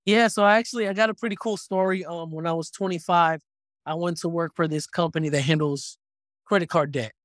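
A man in his thirties talks through his story as a podcast guest, animated and casual, pausing on plenty of ums. His voice sits a bit high for a man. The sound is dry and close, with no room around it. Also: no room sound. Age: 30s.

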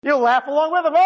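Brief: an animated male storyteller, humorous, speaking to a live audience. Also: extremely high pitch. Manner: animated, humorous, often laughing, voices the people in the story. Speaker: inspirational speaker.

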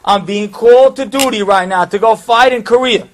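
A man's voice: lively intonation, rapid-fire, a bit bright, slightly rough, heavily acted. A man doing a nervous, pleading young soldier. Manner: anxious, pleading, high-strung.

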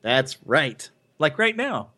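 A man co-hosting a casual podcast, playful and quick to laugh, often acting out quotes. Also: on the high side, very animated, bright, forceful tone. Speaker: podcast co-host. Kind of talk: casual chat.

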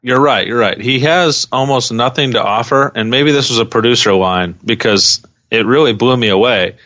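A man's voice: mid-range voice, moderate pace, sharp tone, dry recording, highs cut off. A man co-hosting a podcast, chatting casually and talking through his take on a reality show. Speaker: podcast co-host. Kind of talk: casual recap chat.

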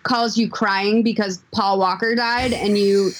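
A woman's voice: mid-range voice, fairly even intonation, measured pace. A woman chatting as a podcast guest. She talks hesitantly, with many fillers and frequent "like". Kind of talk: casual chat.

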